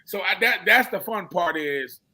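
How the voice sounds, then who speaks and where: A man with a Southern American accent talks on a sports radio panel. His voice sits high and sounds bright and forceful. He tells stories with a lot of life and acts out the people he quotes. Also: lively intonation, normal speed. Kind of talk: casual sports talk.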